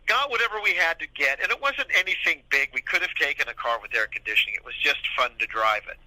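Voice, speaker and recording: Male, 60s, podcast guest; high-ish bright voice, animated storyteller who acts out the dialogue he quotes. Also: fast, no echo, rough recording. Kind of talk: casual anecdotal storytelling.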